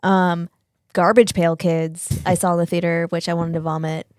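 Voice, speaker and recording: A woman's voice: on the low side, flat delivery, moderate pace, no echo, studio quality. A woman in her forties from Southern California chatting casually on a podcast, rambling with many fillers and some swearing.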